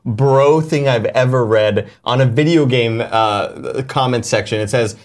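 A man's voice: medium pitch, measured pace. A man co-hosting a casual talk show, bantering and laughing often. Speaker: co-host. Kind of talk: casual chat.

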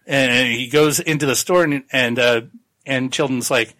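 Bright-voiced man recapping a novel. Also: medium pitch, steady tone, measured pace. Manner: rambling, profane plot recap with quoted asides. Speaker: podcast host. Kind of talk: casual book-discussion podcast.

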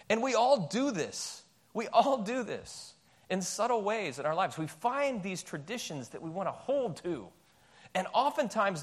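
A male pastor delivers a sermon in a church. His voice sits high and swings widely in pitch. He preaches with emphasis and throws out rhetorical questions.

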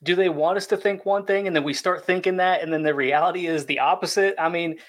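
A man speaking in a measured, explanatory way as a podcast analyst. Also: sits high, steady tone, fairly bright tone. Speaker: draft analyst. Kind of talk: podcast discussion.

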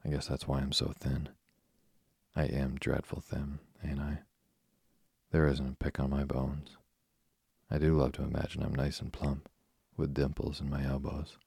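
A man reading aloud as a talkative, imaginative young orphan girl, in his own very deep voice. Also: monotone, normal speed, creaky, darkish tone, breathy edge, no room sound, clean studio sound, heavily acted. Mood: eager. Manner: breathless eager chatter. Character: chatty imaginative orphan girl, about eleven.

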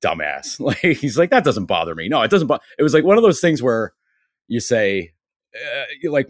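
A man's voice: medium pitch, sing-song, fairly quick, no room sound, clean studio sound. A man who writes about sports, telling a long story in casual podcast chat, full of fillers and quoted back-and-forth, with a Western New York accent. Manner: rambling anecdotes, many fillers and acted-out quotes.

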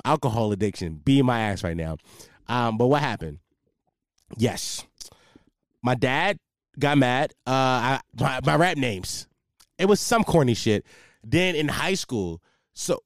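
A young man rambles through a solo podcast after a few drinks, his pitch swinging widely as he jumps between stories. He swears freely and mocks himself. The sound is dry and close, with no room echo. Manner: profane, rambling, self-mocking storytelling. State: tipsy from drinking. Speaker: podcast host. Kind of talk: casual solo podcast monologue. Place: home setup with a ring light, facing camera.

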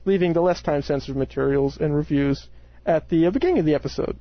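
A man's voice: fairly high pitch, fast talker, dry recording, highs cut off. A man co-hosting a casual podcast from a small room at home, joking and giggling, sometimes reading items in a put-on announcer voice. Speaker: podcast co-host. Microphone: home mic with pillowcase tied over mouth.

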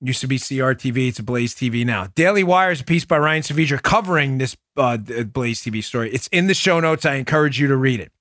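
A man's voice: medium pitch, lively intonation, quick pace, hardly any pauses, a bit bright, dry recording, studio quality. A male podcast host giving mocking political commentary, reacting to clips with sarcasm and laughter.

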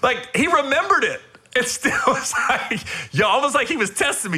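A man hosting a casual interview, telling stories in an animated way and laughing often. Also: very high-pitched, normal speed, few pauses, slightly rough, soft background music. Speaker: podcast host.

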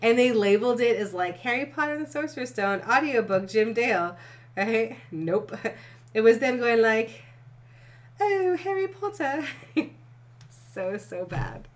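A woman's voice: a little high, normal speed. A young woman co-hosting a podcast, reading fan fiction aloud and breaking off to laugh and swear. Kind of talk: casual reading and chat.

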